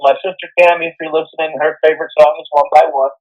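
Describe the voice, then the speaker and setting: A man's voice: a little high, level tone, quick pace, muffled recording. A man, a guest musician, chatting in an interview in a rambling way, with many fillers and repeated words. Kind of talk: casual interview chat.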